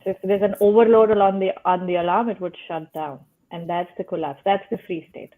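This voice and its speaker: A woman's voice: medium pitch, fairly even intonation, brisk. Woman guest on a remote call, thoughtful explainer with everyday metaphors, thin phone-like audio. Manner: thoughtful, explains with simple metaphors, frequent "right?". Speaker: guest explaining the nervous system. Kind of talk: casual explanatory talk. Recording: tinny phone-like call line.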